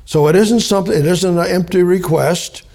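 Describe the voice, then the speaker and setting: A man teaching the Bible verse by verse, slow and deliberate, spelling out and repeating key words. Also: high-pitched, a little mellow.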